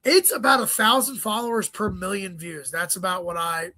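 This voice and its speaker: A man, a stand-up comedian, chatting as an interview guest, telling stories quickly with swearing and joking asides. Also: sits high, lively intonation, bright, forceful tone, no echo. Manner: profane, rapid storytelling with joking asides. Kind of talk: casual interview chat.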